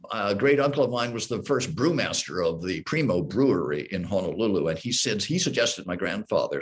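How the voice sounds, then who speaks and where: A man in his sixties from Hawaii, an actor telling anecdotes in an interview, lively and full of restarts. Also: mid-range voice. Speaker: actor, guest. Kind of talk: casual interview storytelling.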